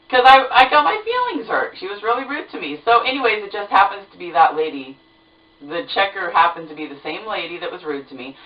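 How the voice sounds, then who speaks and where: Chatty woman telling a story, roomy sound. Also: on the low side. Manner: chatty, animated retelling with lots of fillers. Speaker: vlogger. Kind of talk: casual storytelling to camera. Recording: roomy, distant, dull sound.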